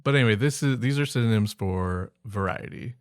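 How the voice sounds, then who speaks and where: A man's voice: lowish voice, a little fast, clear, resonant tone, no echo, clean studio sound. A man co-hosting a casual podcast, reading word lists aloud and musing about them with hesitant asides. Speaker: podcast co-host. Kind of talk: casual chat.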